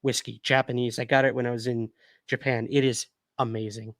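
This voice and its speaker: A young adult man hosts a casual livestream, reading news items aloud and breaking off to chat with his viewers, calling them guys. He hiccups now and then from sipping whiskey. His voice sits at a middle pitch and sounds dry and close, with no room echo. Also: level tone, a little fast, fairly bright tone. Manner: chatty, addresses viewers as guys, reads articles aloud. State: hiccuping after drinking whiskey. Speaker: livestream host.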